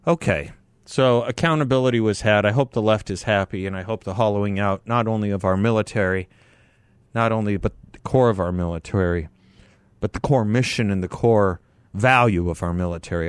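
A man's voice: on the low side, brisk, smooth, no echo. Chatty radio talk host in his fifties. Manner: chatty, laughs often, reads news aloud then editorializes.

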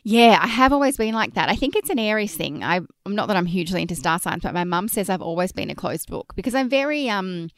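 A woman's voice: medium pitch, expressive, fast, few pauses. A young Australian woman co-hosting a parenting podcast, talking in an outgoing, chatty way from a closet at home. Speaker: podcast co-host. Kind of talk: casual podcast chat. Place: closet at home, recording remotely.

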